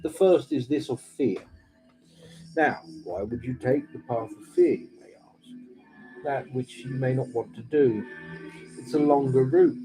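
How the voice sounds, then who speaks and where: A man hosting a live tarot reading stream, giving measured, slow pronouncements with dry teasing asides. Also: mid-range voice, poor audio. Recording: music playing underneath.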